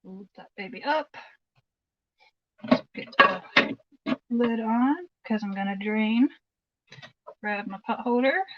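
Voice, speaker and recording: A woman's voice: a little high, measured pace, no room sound. Middle-aged lady rambling while she cooks, phone stream, kinda dull dry sound. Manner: chatty, rambling, answers viewer comments. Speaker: livestream host. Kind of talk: casual chat while cooking. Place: home kitchen.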